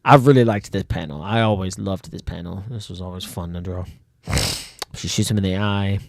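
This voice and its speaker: Low-voiced man rambling with fillers. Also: moderate pace, vocal fry, no echo, studio quality. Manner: rambling, many fillers, laughs often. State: bothered by his nose. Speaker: comic artist and channel host. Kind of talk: casual commentary reading his own comic.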